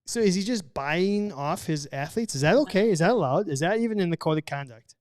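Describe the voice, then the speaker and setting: Male podcast host, slightly higher voice, dry close mic, playful questioner. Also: expressive, darkish tone, no room sound. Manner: playful, asks quick questions, reads chat comments. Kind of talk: casual chat.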